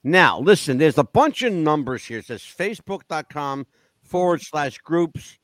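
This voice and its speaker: A man's voice: a little high, sing-song, unhurried, a bit bright, no room sound. A man hosting a podcast, reeling off plugs in a joking way with crude asides. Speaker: podcast host. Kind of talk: casual podcast chat.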